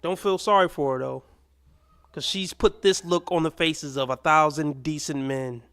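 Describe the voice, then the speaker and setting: Male reaction host, fairly high voice, blunt, sarcastic, swears. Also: moderate pace, a bit bright, clear, resonant tone. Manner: blunt, mocking, swears freely. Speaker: commentator reacting to clips. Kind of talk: reaction commentary.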